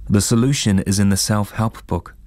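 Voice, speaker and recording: A man voicing a mysterious, commanding female fortune-teller in a storybook reading, speaking calmly and cryptically. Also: on the low side, moderate pace, no echo, close to an everyday voice. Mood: cryptic.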